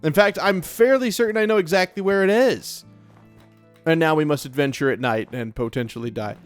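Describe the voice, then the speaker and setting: A man's voice: fairly high pitch, fairly quick, faint music behind. A man hosting a let's play, giving casual gameplay commentary in a chatty, nervous way as he talks to himself. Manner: chatty, nervous self-talk.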